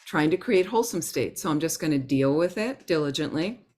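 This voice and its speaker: Low-voiced woman giving a gentle Dharma talk. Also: expressive, brisk. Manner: conversational, gentle, acts out inner thoughts. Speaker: Buddhist teacher.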